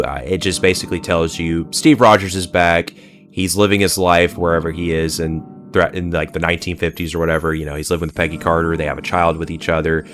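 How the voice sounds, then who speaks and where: A man with a deep, low voice rambles through a solo video rant. He swears freely and leans on "like" and "uh" as he goes. Soft music plays faintly underneath. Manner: rambling, profane, heavy use of "like" and "uh". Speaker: pop culture commentator. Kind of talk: ranting solo video commentary.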